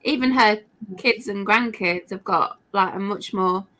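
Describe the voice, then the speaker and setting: A woman's voice: mid-range voice, unhurried, sharp tone. A woman chatting casually with friends, making emphatic points and closing many of them with tag questions. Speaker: chat participant. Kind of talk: casual chat among friends.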